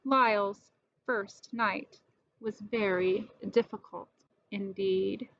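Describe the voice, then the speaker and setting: A woman reading a children's storybook aloud in an expressive, lively way. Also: mid-range voice, slow pace, highs cut off.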